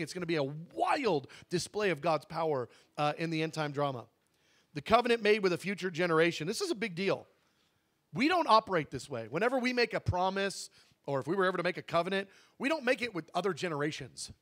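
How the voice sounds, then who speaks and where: A man with a notably high speaking voice leads a Bible teaching session. He talks in a conversational, emphatic way, drawing out the words he wants to stress and correcting himself mid-sentence. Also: big pitch swings, fast talker, fairly bright tone. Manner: conversational, with asides and self-corrections.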